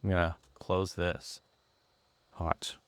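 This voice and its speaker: Excited man demoing a scanning app. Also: sits low, takes it slowly, smooth, dry recording. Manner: excited, playfully sarcastic. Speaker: app presenter. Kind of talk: product demo. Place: room with lights, indoors.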